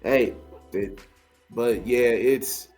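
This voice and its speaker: A man's voice: medium pitch, extremely slow, darkish tone, faint music behind. A man co-hosting a casual wrestling chat, talking in a laid-back, dry way. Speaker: podcast co-host.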